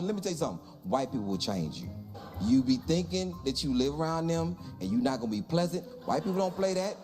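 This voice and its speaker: A man's voice: a little high, fast talker, faint music behind. A man performing stand-up comedy, telling a story and acting out the people in it in exaggerated voices. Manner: animated, acts out dialogue in exaggerated voices.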